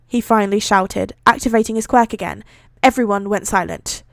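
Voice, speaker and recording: A woman's voice: mid-range voice, normal speed, gravelly, dry recording, clean studio sound. A British woman reading fan fiction live on her stream, chatty and giggly, often correcting herself. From Britain. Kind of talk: casual live reading aloud.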